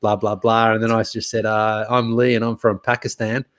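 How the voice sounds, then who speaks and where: A man's voice: lowish voice, flat delivery, moderate pace, a bit bright. An Australian man co-hosting a casual podcast chat, telling rambling stories and laughing at his own jokes. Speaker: co-host.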